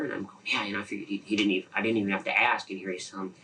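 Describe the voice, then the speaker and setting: A man's voice: lowish voice, fairly even intonation, rapid-fire, pushed and bright, breathy edge, recorded from a distance, poor audio. A man telling a story about a friend in an interview, acting out the quoted dialogue with animation. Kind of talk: anecdotal storytelling.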